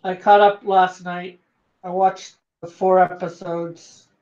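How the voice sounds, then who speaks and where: A man hosting a live drawing stream, reading viewer comments aloud in a halting way, with many fillers. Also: sits high, level tone, a little mellow. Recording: dull lo-fi stream audio.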